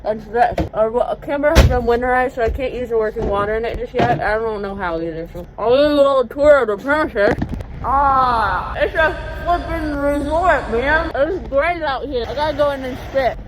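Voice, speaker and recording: A woman's voice: a little high, fairly quick, noisy background. A young woman in her twenties narrating a casual travel vlog from inside an RV, chatty and joking. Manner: chatty, jokey, self-narrating. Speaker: vlogger. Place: inside a moving RV.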